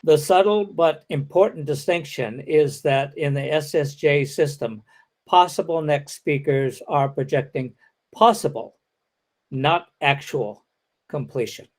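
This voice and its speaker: A man giving an academic lecture, explaining step by step and acting out example sentences. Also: medium pitch.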